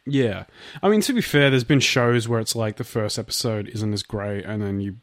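A man's voice: on the low side, moderate pace, no room sound. A young Australian man co-hosting a podcast, talking in a laid-back, wry way with casual swearing. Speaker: podcast co-host. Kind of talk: casual chat.

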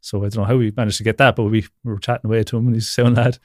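A young man with a slightly low voice, chatting loosely over a video call as an interview guest. He rambles through fillers and keeps breaking into laughter. The sound is dry and close. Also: level tone, racing, darkish tone, dry recording. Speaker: podcast guest. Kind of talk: casual interview chat.

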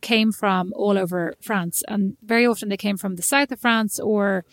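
A woman's voice: medium pitch, normal speed, no room sound, studio quality. A young woman chatting casually as a podcast co-host, with playful teasing banter. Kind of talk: casual chat.

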